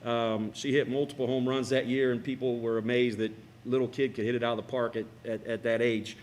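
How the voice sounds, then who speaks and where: A man's voice: mid-range voice, little pitch movement, darkish tone. Choked-up middle-aged man speaking. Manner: halting, choked up. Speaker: parent giving a speech. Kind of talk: emotional tribute speech. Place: school cafeteria.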